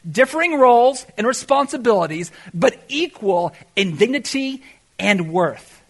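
A man preaching a sermon as pastor, animated, swinging between shouted exclamations and quiet asides. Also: very high-pitched, a little slow.

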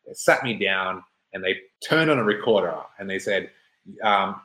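A man's voice: low voice, normal speed. Roomy-sounding man spinning a yarn. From Melbourne, Australia. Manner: rambling, animated, swears freely, acts out quotes. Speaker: storyteller. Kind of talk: casual personal storytelling. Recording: roomy echo.

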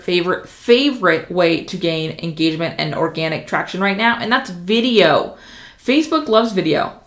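A woman giving casual social media marketing tips, talking fast and with passion, with plenty of fillers. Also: medium pitch, roomy sound. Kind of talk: casual instructional talk to camera.

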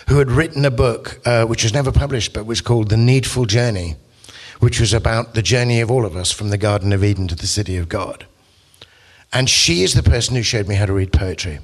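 A man's voice: mid-range voice, breathy edge. A man, a poet and musician, giving a casual, rambling talk full of asides. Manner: chatty and rambling, with frequent asides and restarts. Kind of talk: casual lecture and poetry talk.

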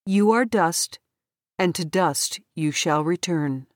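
A stern, grieving God speaks in a storybook, read by a woman. The voice is grave and measured, unhurried and level. It sounds close and dry. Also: on the low side, no echo.

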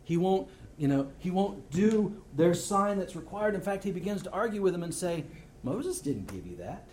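A male preacher with a mellow, warm, fairly high voice delivers a sermon. He reads scripture aloud and breaks into lively, storytelling asides. A faint hiss sits behind his voice. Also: moderate pace.

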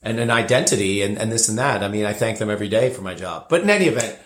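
A man's voice: lowish voice, animated, very fast. A man, a bartender guest on a podcast, telling a long story in a rambling way with many fillers and restarts. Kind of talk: casual interview storytelling. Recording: roomy echo.

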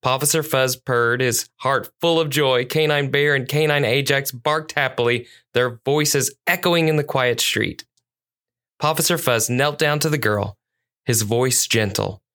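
A storyteller narrating a children's police story at a measured, clear pace. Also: mid-range voice, fairly bright tone.

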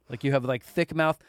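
A man's voice: mid-range voice, dry recording, clean studio sound. A man co-hosting a podcast, joking sarcastically with restarts and mock voices in casual banter. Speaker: podcast co-host.

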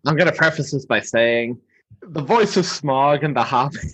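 A man's voice: medium pitch, normal speed, a bit bright, slightly rough. A man co-hosting a podcast, chatting casually and enthusiastically about holiday cartoons. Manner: enthusiastic, giggly. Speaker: podcast co-host. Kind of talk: casual chat.

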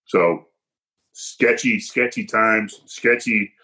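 A man tells a personal story as a podcast guest, hitting his points hard and acting out the voices of people he quotes. His voice sits a little low and has a bright, forceful edge. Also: takes it slowly, poor audio. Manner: emphatic, punchy, acts out quoted dialogue.

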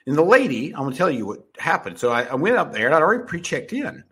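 A man's voice: on the high side, sing-song, quick pace, a bit bright, husky. A man telling a rambling, profane story in a casual monologue, full of fillers and restarts.

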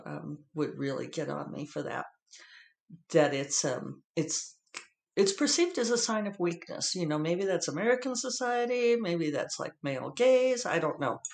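A man's voice: fairly high pitch, creaky. Man, podcast host, tearful and rambling in a chatty monologue, recorded in an echoey room. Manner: rambling, with many fillers and restarts. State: teary, emotional. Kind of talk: casual solo podcast monologue.

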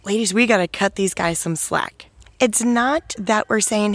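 A woman in her thirties talking to other mothers in a casual storytelling monologue, animated and acting out the dialogue she recounts. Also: measured pace, no echo. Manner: animated, acts out quoted dialogue with pitch jumps. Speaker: speaker addressing mothers.

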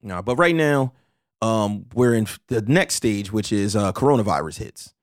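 A man co-hosting a casual podcast, telling stories in an animated, slangy, profane way. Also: fairly low pitch, moderate pace, no room sound, clean studio sound. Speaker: podcast co-host.

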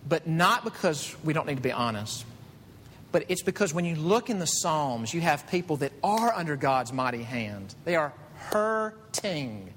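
A man preaching a sermon as pastor, animated, climbing to emphatic high peaks. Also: moderate pace. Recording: reverberant hall with faint rumble.

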